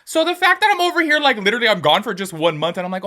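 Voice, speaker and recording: A young man runs a casual gossip commentary and talks fast and animated, packing in filler words. His voice sits a bit high and bright. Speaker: commentary channel host.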